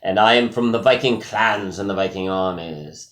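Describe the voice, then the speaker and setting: A man's voice: fairly low pitch, fairly bright tone, close to an everyday voice. A man doing a grandiose Viking god. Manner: slow, declaiming, demanding. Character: grand self-proclaimed Viking god, adult male. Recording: echoey room.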